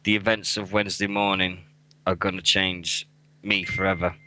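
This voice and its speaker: A man's voice: deep voice, flat delivery, moderate pace, bright, forceful tone, slight background noise, rough recording. A man in his forties with a British accent, co-hosting a casual radio chat, talking bluntly and swearing often. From England. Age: 40s. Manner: swears a lot, blunt and emotional. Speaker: radio co-host.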